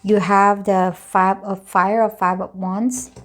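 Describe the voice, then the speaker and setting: A woman's voice: medium pitch, level tone, takes it slowly, soft background music. A woman reading tarot cards in a chatty, loose way, often repeating and rephrasing herself. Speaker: tarot reader.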